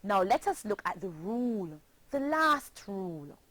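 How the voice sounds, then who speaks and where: A woman from Jamaica teaching a pronunciation lesson, speaking clearly and deliberately and spelling words letter by letter. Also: medium pitch, big pitch swings, fairly bright tone, no room sound. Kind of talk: slow classroom pronunciation lesson.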